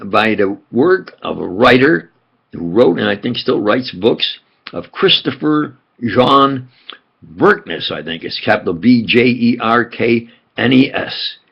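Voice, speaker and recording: An older man with a New York accent, speaking in a slow, halting, rambling monologue full of fillers and restarts. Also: medium pitch, vocal fry, breathy edge, lo-fi sound. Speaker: channel host.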